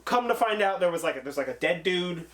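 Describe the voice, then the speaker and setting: A man's voice: high-pitched, lively intonation, fast talker, a bit bright. A man hosting a casual movie review chat, rambling and swearing freely while retelling scenes.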